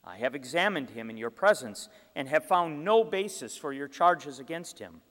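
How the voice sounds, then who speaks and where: A man's voice: a little high, expressive, normal speed, fairly bright tone. A man reading the lines of a troubled male Roman governor, pleading and questioning insistently. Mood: reasoning. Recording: long hall reverb.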